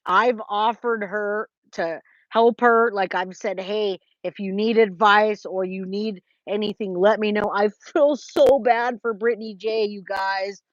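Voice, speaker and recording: An unhurried woman with a steady, mid-range voice reads chat on a casual livestream from her trailer. Originally from California, she greets viewers by name and restarts often. No echo; the lo-fi sound is dry and slightly dull.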